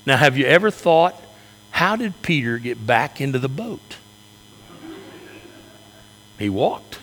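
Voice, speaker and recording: Forceful folksy preacher man, echoing hall. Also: medium pitch, big pitch swings, measured pace, long pauses. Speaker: pastor. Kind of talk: sermon. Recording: echoey hall reverb.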